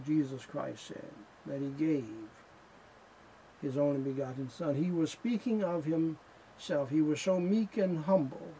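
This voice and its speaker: Man, preacher, sermon, slow emphatic delivery, gravelly voice, fairly high, faint hiss. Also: dark tone, rough recording.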